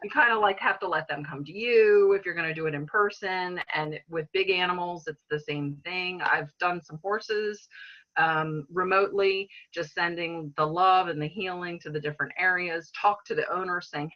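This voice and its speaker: A middle-aged woman chats earnestly as a guest, stopping for fillers and restarts. Her voice sits a little low but sounds bright and forward. The recording is slightly dull and lo-fi. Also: moderate pace. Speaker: reiki practitioner, guest. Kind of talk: casual interview talk.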